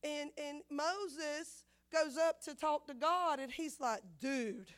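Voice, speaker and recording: A woman preaching a sermon, repeating phrases and acting out the voices in her story, swinging from loud to hushed. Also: high-pitched, takes it slowly. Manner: dramatic swings of loudness, acts out quotes, repeats phrases.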